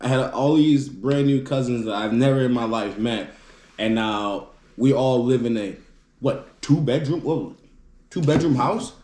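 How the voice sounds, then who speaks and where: A man with a Southern accent tells family stories in easygoing chat. He speaks quickly, and his words sometimes tumble over each other. His voice sits at an ordinary pitch in a room with a noticeable echo. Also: warm tone. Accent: Southern US (Mississippi). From Wisconsin. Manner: fast-talking storyteller, trips over words. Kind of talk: casual chat.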